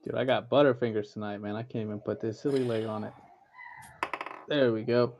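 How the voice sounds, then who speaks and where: A man's voice: medium pitch, steady tone, a little fast, a little mellow, slight background noise. A man chatting casually on a livestream, laid-back and slangy, chiming in with short remarks.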